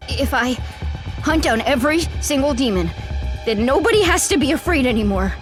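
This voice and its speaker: A woman's voice: sits high, animated, fairly quick, faint music behind. Masaru Daimon, a terrified boy. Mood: shaky, desperate. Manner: shaky, stammering, screaming in panic. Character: traumatized young boy, boastful bully cracking under fear. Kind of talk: game voice acting.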